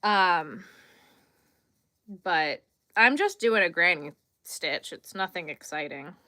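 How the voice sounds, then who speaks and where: A woman's voice: fairly low pitch, lively intonation, slow pace, bright, forceful tone, no echo, clean studio sound. A woman hosting a casual crochet livestream, chatting easily with viewers and sounding a little tired. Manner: chatty, easygoing, responds to viewers while crocheting. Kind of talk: casual livestream chat, reading chat comments.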